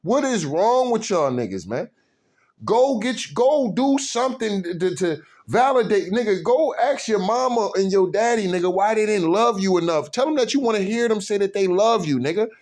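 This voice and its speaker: Animated, profane man ranting. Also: moderate pace. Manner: profane, animated ranting with constant slang fillers; loud indignant outbursts mixed with low muttered asides. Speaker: video commentator. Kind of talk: unscripted rant to camera.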